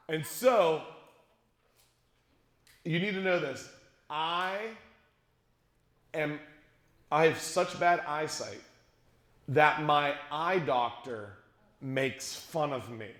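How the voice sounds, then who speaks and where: A middle-aged man speaking to young people at a conference recounts a funny tale, animatedly playing out quotes and joking with the audience. His fairly high voice goes slowly with frequent pauses. He is a youth speaker, and the large hall is echoey.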